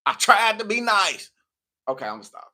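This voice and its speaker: A man's voice: sits high, sing-song, moderate pace, bright, forceful tone. A man from Tennessee with a Southern accent, a tarot reader chatting live in a playful, preachy, scolding way. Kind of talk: live tarot reading chat.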